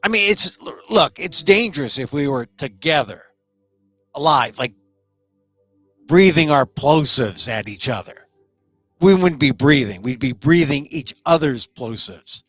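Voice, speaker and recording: A man's voice: fairly high pitch, animated, a little slow, a bit bright, no echo, soft background music. A man hosting a live-streamed talk show in a casual, rambling monologue, full of joking asides.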